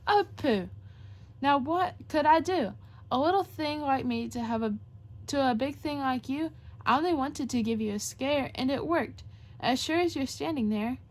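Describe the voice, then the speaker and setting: A woman's voice: sits high, moderate pace, darkish tone, lightly acted. A woman voicing a cheeky little gray male mouse in a children's storybook, teasing in a sing-song.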